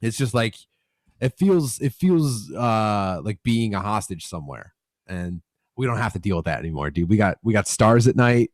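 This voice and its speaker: A man's voice: on the low side, lively intonation, moderate pace, no room sound, clean studio sound. A man from Philadelphia, a podcast guest, talking in loose rambling chat with lots of swearing and fillers.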